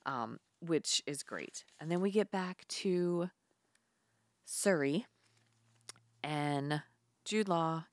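Woman, low voice, dry close sound, casual chatty film recap, laughs and swears. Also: no room sound. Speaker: podcast co-host.

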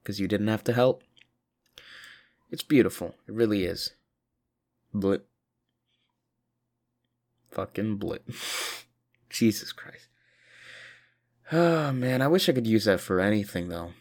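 A man's voice: lowish voice, animated, slow, long pauses. A tired man rambling profanely through a casual video monologue, short on sleep. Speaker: vlogger.

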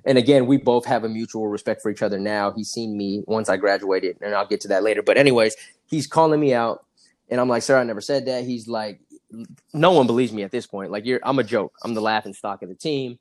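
A man's voice: fairly low pitch, a little fast, a little mellow. A young man from California telling his story as a podcast guest, acting out the dialogue and laughing often. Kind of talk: casual storytelling.

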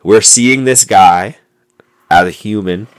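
Man, very low voice, casual podcast chat, rambling, lots of ums. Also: takes it slowly. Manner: rambling, many fillers and restarts. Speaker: podcast co-host. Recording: noisy amateur mic recording.

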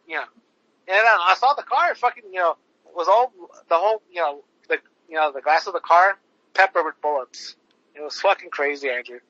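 A man's voice: high voice, bright, forceful tone, no room sound. A man co-hosting a podcast, telling a story in a rambling, profane way, full of fillers, on a dull lo-fi recording. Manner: rambling, swears often, lots of fillers. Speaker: podcast co-host. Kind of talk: casual profane chat. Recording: dull lo-fi sound.

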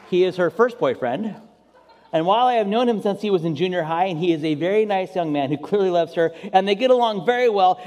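A man in his forties preaching a sermon, telling self-deprecating stories in an animated way. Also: sits high, big-room sound. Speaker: pastor.

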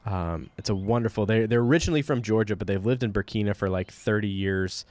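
A man's voice: on the low side, quick pace, a little mellow, no room sound. A man telling a personal story on a podcast in a casual, digressive way, with frequent fillers and restarts.

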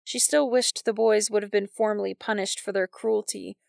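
A woman narrating a novel in a wry, even storytelling manner. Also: mid-range voice, moderate pace, gravelly, no echo, studio quality. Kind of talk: scripted audiobook narration.

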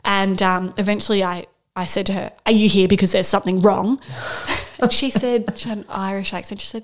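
A woman's voice: mid-range voice, steady tone, normal speed. A woman in her thirties, a podcast co-host, candidly telling her birth story in casual chat and quoting herself with bursts of emotion.

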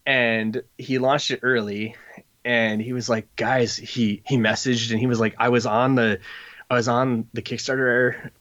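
A man's voice: medium pitch, little pitch movement, measured pace, fairly bright tone. A man chatting casually on a podcast, telling a rambling story full of fillers and acting out other people's voices. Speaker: comic book creator. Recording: slightly dull lo-fi audio.

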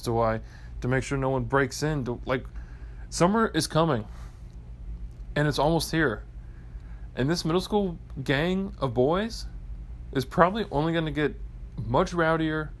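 Young guy, anxious and jokey, leaving a long rambling voicemail. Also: mid-range voice. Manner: rambling, filler-heavy, anxious and playful. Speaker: podcast co-host leaving a voicemail.

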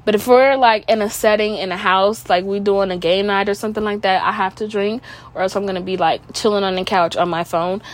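A woman's voice: medium pitch, steady tone, a little fast. A young woman with a stuffy nose hosting her own podcast, rambling in casual chat full of "like" and swearing. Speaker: podcast host.

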